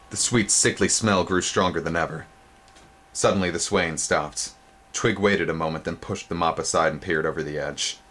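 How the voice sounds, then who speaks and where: Man, very low voice, dramatic storybook reading, theatrical pitch jumps, shows the pictures. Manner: theatrical, sudden pitch jumps on exciting words; pauses to show the book's pictures. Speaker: storybook reader.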